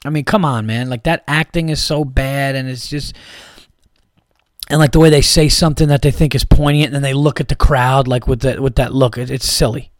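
A man's voice: mid-range voice, steady tone, fairly quick, dry recording. Guy ranting on his podcast, swears a lot, trips over himself, dry close sound. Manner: rambling, profane, many restarts. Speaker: podcast host. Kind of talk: casual comedic monologue.

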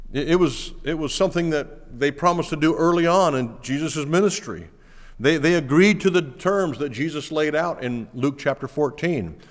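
A man's voice: a little high, in a large hall. A man pastor preaching a sermon, asking his listeners questions and quoting scripture.

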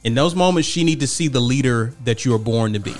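A man's voice: mid-range voice, fast talker, faint music behind. A man co-hosting a casual podcast, arguing his view firmly and acting out quoted conversations. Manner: assertive, animated, acts out quoted dialogue. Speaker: podcast co-host. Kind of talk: casual debate chat.

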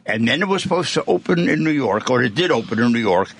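An octogenarian man hosts a casual radio chat, talking in a loose, rambling way and tripping over his words. His voice is husky and swings widely in pitch. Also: animated, fast talker. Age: 80s. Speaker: radio host. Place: radio studio.

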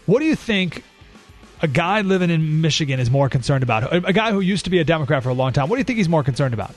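A man hosting a political talk radio show, talking in an animated, sarcastic way. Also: on the high side, fast, faint music behind. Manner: animated, sarcastic, acts out quoted voices.

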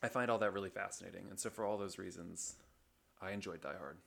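A man's voice: low-pitched, quick pace, vocal fry, fairly bright tone. A young man co-hosting a podcast in casual chat, rambling and hesitant, with many fillers. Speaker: podcast co-host.

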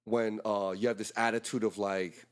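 A man's voice: on the low side, moderate pace, clear, resonant tone. A male co-host chatting casually, acting out quotes from stories, swearing and filling his talk with "like". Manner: animated, acts out quotes, swears, many "like"s. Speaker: co-host and bartender. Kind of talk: casual chat.

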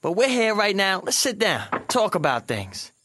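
An actor playing a streetwise man catching up with an old friend, talking in relaxed slang. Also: high voice, moderate pace, a little hiss or hum, heavily acted.

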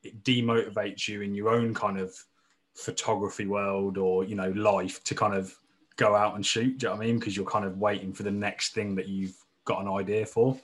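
A man from the English Midlands co-hosts a podcast in a relaxed, chatty way, musing aloud and trailing into fillers. His voice sits somewhat low. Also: moderate pace. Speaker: podcast co-host. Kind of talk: casual chat.

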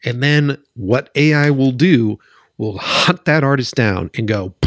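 A man's voice: medium pitch, measured pace, dry recording, clean studio sound. A man hosting a solo podcast, ranting in a sarcastic, profane way and keeps checking in with "right?". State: worked up. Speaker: podcast host.

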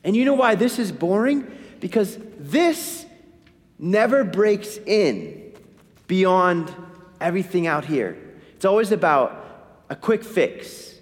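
A man's voice: high-pitched, takes it slowly, long pauses. A man preaching a sermon in a church, asking his listeners questions and answering them himself. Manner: animated, asks the congregation questions. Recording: hall reverb.

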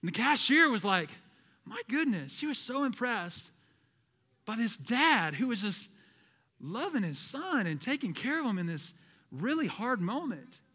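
Bright-voiced pastor preaching. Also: male voice, sits high, big pitch swings, moderate pace, slightly rough, long reverb tail. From American South. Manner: emphatic preaching, calls out to the congregation. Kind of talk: sermon.

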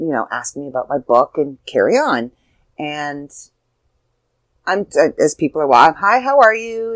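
A woman's voice: deep voice, dry recording, low-quality recording. An older woman, an author, telling a heartfelt personal story in a casual, rambling way with fillers and restarts.

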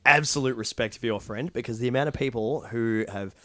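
A man's voice: mid-range voice, a little fast, bright, forceful tone, dry recording. A man co-hosting a casual podcast, talking enthusiastically. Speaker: podcast co-host.

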